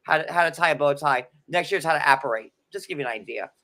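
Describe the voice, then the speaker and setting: A man's voice: fairly high pitch, fast, bright, forceful tone. A man co-hosting a casual chat, sarcastic and rambling with many fillers. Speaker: podcast co-host.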